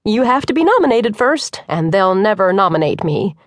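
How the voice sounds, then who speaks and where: A woman narrator voicing a confident young woman who runs a construction firm, brisk and teasing in her manner. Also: medium pitch, big pitch swings, dry recording, studio quality.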